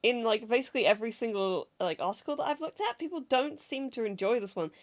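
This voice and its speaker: A woman's voice: a little high, lively intonation, fast talker. A woman co-hosting a film review show, talking in an enthusiastic, rambling way with frequent laughs, and sounding like she has a cold. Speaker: podcast co-host. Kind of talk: casual film review chat.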